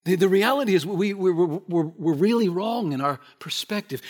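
Male pastor, somewhat high voice, emphatic sermon delivery with repeated phrases. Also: lively intonation, normal speed. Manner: emphatic, repeats key phrases, swings from loud to hushed.

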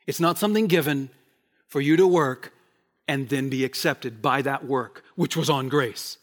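A man preaching a sermon, emphatic, repeating key phrases and swinging from loud declarations to hushed words. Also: medium pitch, measured pace. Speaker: pastor.

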